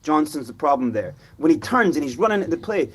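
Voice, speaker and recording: A man's voice: fairly high pitch, fast talker, slightly rough. A man hosting a football fan reaction show, talking passionately and with frustration, often acting out what players said. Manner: animated, frustrated, acts out players' voices.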